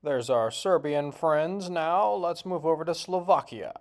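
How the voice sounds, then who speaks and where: A man's voice: a little high, unhurried, hardly any pauses. Folksy male vlogger, jokey, casual, sounding out words himself. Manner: joking, folksy, tries out foreign words. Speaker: video host. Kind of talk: casual vlog commentary.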